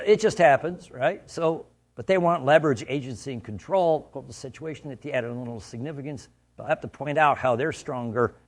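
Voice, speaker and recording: A man from the United States giving a conversational training talk, full of stories and frequent "right?" checks. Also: medium pitch. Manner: anecdotal, conversational, asks "right?" often. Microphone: studio mic.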